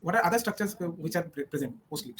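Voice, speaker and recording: A young woman with an Indian accent and a fairly low voice, quick to speak. She probes each answer and steers with curt "no" and "right" prompts. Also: lively intonation. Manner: probing, guides with short prompts. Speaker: quiz questioner.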